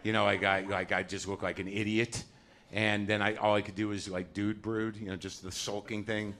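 A man's voice: lowish voice, flat delivery, moderate pace. Neurotic ranting man doing stand-up. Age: 40s. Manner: neurotic, ranting, acts out voices loudly. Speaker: stand-up comedian. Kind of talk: stand-up comedy set. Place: comedy club stage with audience laughter.

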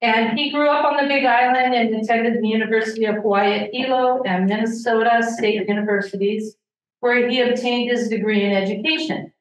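A woman's voice: a little high, fairly even intonation, fairly quick, a little hiss or hum. A woman, an association president, reading a prepared introduction of the guest speaker. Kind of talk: formal introduction. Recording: very echoey and distant.

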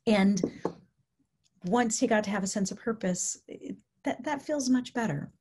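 A woman's voice: medium pitch, a little slow, breathy edge. A woman giving an educational talk on dementia care in a casual way, often checking in with "okay?" and acting out quoted speech. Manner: acts out quoted speech in lively voices. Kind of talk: educational presentation.

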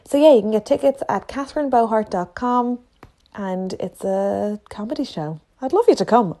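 A woman's voice: fairly high pitch, expressive, moderate pace, dark tone. Wry woman reading a tour promo. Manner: wry, self-deprecating. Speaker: comedian promoting her tour. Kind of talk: read promo.

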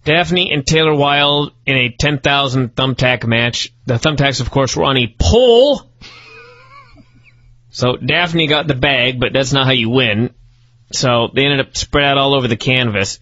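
A man's voice: mid-range voice, sharp tone, no room sound, dull audio. A man co-hosting a wrestling review podcast, sarcastic and profane, working himself up into incredulous rants. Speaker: podcast co-host. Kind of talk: casual wrestling review chat.

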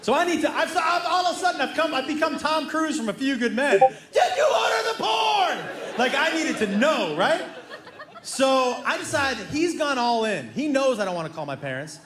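Male stand-up comic, very high and lively voice, profane storyteller, echoey stage with loud audience laughter. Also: a little fast, a crowd in the background, noisy background. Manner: animated, profane, acts out both sides of a dialogue. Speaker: stand-up comedian. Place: stage before a live audience.

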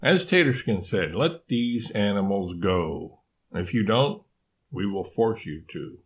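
A man voicing a calm, principled man who firmly refuses to sell his animals, in a storybook reading. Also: fairly low pitch. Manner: firm, measured, formal.

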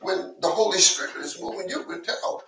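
Guy preaching a sermon, kinda high bright voice, storytelling style, echoey church mic from far off. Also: very animated, normal speed, gravelly. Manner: conversational storytelling preacher, repeats words, asks the congregation to listen. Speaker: pastor. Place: church sanctuary. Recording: echoey church from a distance, faint hiss.

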